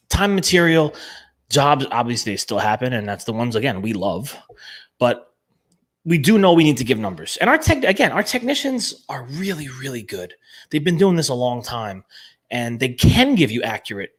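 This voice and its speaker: A man with a New Jersey accent hosting a casual live show, talking with energy and emphasis and often repeating words. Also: mid-range voice. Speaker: show host.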